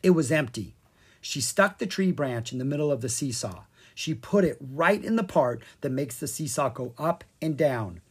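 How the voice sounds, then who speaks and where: Husky, animated children's-book narrator. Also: medium pitch, normal speed. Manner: animated storytelling, voices each character. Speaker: audiobook narrator.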